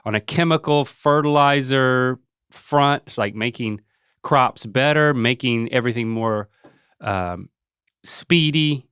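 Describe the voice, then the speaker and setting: A podcast co-host drops quick, jokey remarks into a casual chat. His mid-range voice is clear and resonant with a fairly bright tone, captured in a dry, studio-quality recording.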